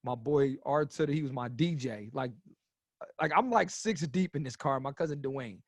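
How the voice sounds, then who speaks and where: A man in his thirties, a comedian guest telling stories on a podcast in a casual, animated way, swearing freely and getting loud as he goes. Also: medium pitch, normal speed, no room sound. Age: 30s.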